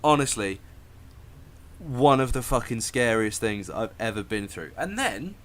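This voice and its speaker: Sweary, animated man telling a story. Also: medium pitch, moderate pace. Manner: animated, sweary, laughs often, acts out the scenes. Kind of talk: casual storytelling.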